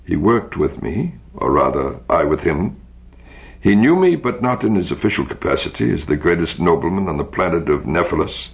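A man's voice: low-pitched, big pitch swings, moderate pace, gravelly, full character voice. A man reading aloud, voicing a cool, refined male dandy who speaks in a precise, insistent way. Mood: urgent. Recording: dull lo-fi recording.

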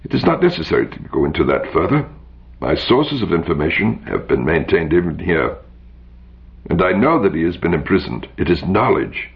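A man's voice: low-pitched, very animated, normal speed, gravelly, full character voice. A man reading aloud, voicing a cool, refined male dandy who speaks in a precise, insistent way. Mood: urgent. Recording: dull lo-fi recording.

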